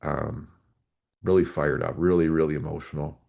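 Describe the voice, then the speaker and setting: A man's voice: a bass voice, little pitch movement, moderate pace, gravelly, darkish tone. A man in his forties, a former police officer, earnestly recounting an emotional personal story as a podcast guest.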